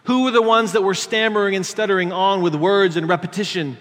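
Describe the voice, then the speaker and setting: A man's voice: high-pitched, fairly even intonation, brisk, a bit bright. A man preaching a sermon as pastor, earnest and emphatic as he reads and comments on scripture. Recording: long reverb of a large room.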